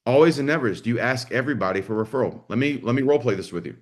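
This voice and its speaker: Blunt, energetic male business coach. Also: medium pitch, rapid-fire. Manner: blunt, salty, energetic, acts out dialogue. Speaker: business coach for martial arts school owners. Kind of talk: live online coaching session.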